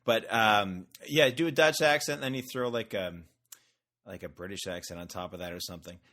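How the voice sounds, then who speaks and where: A man's voice: lowish voice, normal speed, fairly bright tone. A man co-hosting a podcast in casual chat, joking and rambling. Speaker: podcast co-host. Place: Vancouver.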